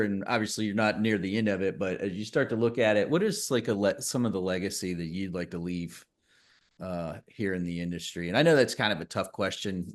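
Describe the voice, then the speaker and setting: A man hosting a casual podcast interview, asking loose, rambling questions in an easygoing way and laughing often. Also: fairly low pitch. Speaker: podcast host, publisher.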